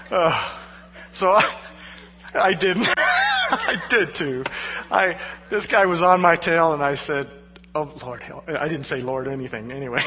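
A male pastor preaching a sermon through personal stories, animated and poking fun at himself with frequent laughter. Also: fairly high pitch, slight background noise. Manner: animated, self-mocking, laughing between lines. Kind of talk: storytelling sermon. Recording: dull sound with long hall reverb.

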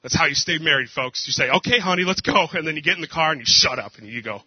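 High-voiced joking pastor. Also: male voice, fast, slightly rough, dry recording. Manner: casual, joking storyteller. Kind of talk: sermon. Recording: dull dry lo-fi.

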